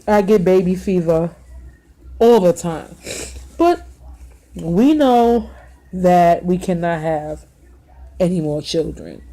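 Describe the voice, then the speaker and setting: A woman in her thirties recounts a personal ordeal on her vlog. Her voice sits a bit low and moves slowly, halting often for sighs and quiet apologies. The delivery stays emotional and unpolished throughout. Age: 30s. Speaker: vlogger. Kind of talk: personal storytelling.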